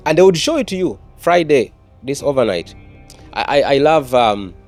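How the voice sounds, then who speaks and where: A man's voice: mid-range voice, very animated, moderate pace, darkish tone, faint music behind. A man, an evangelist telling his personal testimony in an interview, earnest and often repeating words and restarting.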